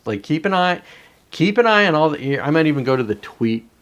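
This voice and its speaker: A man's voice: fairly high pitch, expressive, moderate pace, fairly bright tone. A man talking casually on a live stream, rambling and profane, often breaking off mid-sentence and restarting. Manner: rambling and profane, with many self-interruptions. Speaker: livestreamer.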